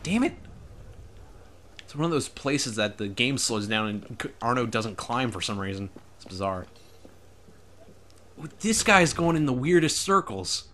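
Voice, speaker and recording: A man's voice: medium pitch, lively intonation, normal speed, bright, forceful tone, a little hiss or hum. A man casually commentating as he plays a video game at home, chatty, laughing often, and joking around. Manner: chatty, laughs often, jokey put-on accents. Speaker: let's play gamer. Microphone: desk microphone.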